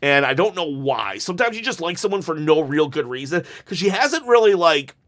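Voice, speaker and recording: A man's voice: on the high side, sing-song, a little fast, fairly bright tone. A man reviewing a wrestling show in casual commentary, rambling and exasperated, with restarts and sighs.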